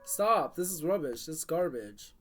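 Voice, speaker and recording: A music producer chatting casually on a live stream, talking to themself and the chat and humming basslines while working. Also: big pitch swings, moderate pace. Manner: chatty, talks to self and chat, hums basslines.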